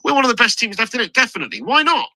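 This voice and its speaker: A man giving excitable, sweary live commentary on a football match as a channel host, shouting at chances and goals. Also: very high voice, racing, no echo, poor audio.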